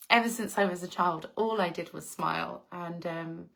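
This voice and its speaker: Cheerful English woman hosting a live chat, gushing and warm with her viewers. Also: lowish voice, moderate pace, vocal fry. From England. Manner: effusive, gushing, laughs often. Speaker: live-stream host reading viewer comments.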